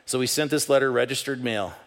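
A man pastor preaching in a church, casual and animated as he tells a story from his own life. His pitch sits in a middle range for a man. He slips into other people's voices to act out what they said. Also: quick pace. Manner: animated, conversational, acts out quoted voices. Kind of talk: sermon with storytelling. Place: church sanctuary.

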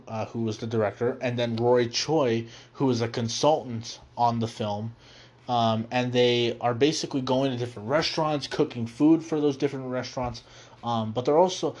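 A young man hosting a movie review show, rambling casually with many fillers and restarts, laughing as he quotes scenes. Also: mid-range voice. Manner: laughs easily, quotes scenes in quick put-on voices.

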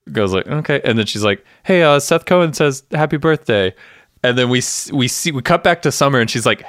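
A man co-hosting a podcast, chatting casually and acting out TV scenes with quick voices. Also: medium pitch, no echo, clean studio sound. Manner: animated, acts out scenes with voices. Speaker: podcast co-host. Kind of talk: casual chat recapping a TV episode.

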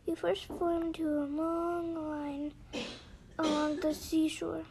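A woman voicing the bossy male Griffin in a storybook reading, brisk and emphatic. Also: very high-pitched, flat delivery, noisy background, full character voice.

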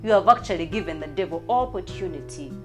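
A woman's voice: lowish voice, expressive, fast. A woman giving frank faith-based advice in a casual chat, emphatic and acting out quoted voices. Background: background music.

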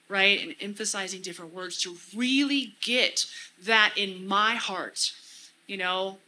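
A woman's voice: medium pitch, fairly even intonation, measured pace, bright, forceful tone, slight background noise, rough recording. A woman giving an earnest church talk, often repeating phrases for emphasis. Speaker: church speaker. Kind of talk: casual teaching talk.

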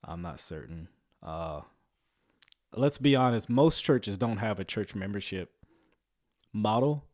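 A man's voice: lowish voice, expressive, slow, pauses often, darkish tone. Sarcastic chuckling man commentator. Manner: sarcastic, chuckling, rambling with many fillers. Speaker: online commentator reacting to a sermon. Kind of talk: casual livestream commentary.

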